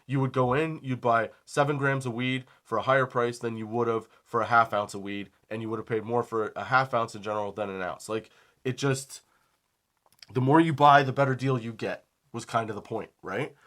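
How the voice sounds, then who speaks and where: A man of middle pitch hosting a comedy podcast, talking casually and with plenty of energy. He acts out both sides of the dialogue, keeps asking "okay?" and calls his listener "dude". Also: fairly even intonation, brisk, a bit bright. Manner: conversational, says "okay?" and "dude" often. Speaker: podcast host.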